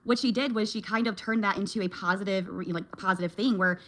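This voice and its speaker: A woman's voice: mid-range voice, quick pace, fairly bright tone. A woman, a mom, chatting casually with her viewers in a vlog, reacting to their comments and laughing often. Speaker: vlogger and mom.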